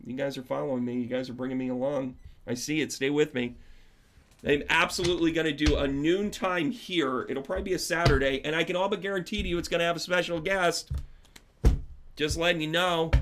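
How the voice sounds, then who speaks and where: A man with a somewhat high voice, rambling casually to his livestream viewers. He talks in loose, friendly asides as a spiritual medium and teacher, addressing members by name. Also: noisy background. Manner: rambling, chatty, warm to viewers.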